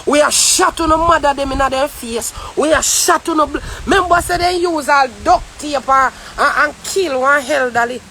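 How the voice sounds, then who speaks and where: A woman with a Jamaican accent in a heated, profane ranting monologue, often shouting. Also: sits high, moderate pace, few pauses, slight background noise. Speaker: vlogger.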